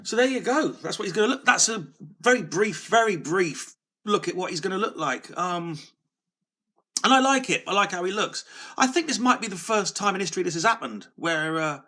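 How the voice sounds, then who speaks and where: Bright-voiced man rambling. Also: fairly high pitch. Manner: rambling, self-deprecating, restarts sentences. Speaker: video host. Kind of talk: casual solo commentary.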